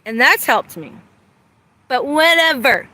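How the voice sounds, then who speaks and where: A woman's voice: high voice, big pitch swings, takes it slowly, sharp tone. A woman ranting angrily and profanely in a livestream, speaking into a phone while outdoors in the cold. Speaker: vlogger. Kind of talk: angry livestream rant.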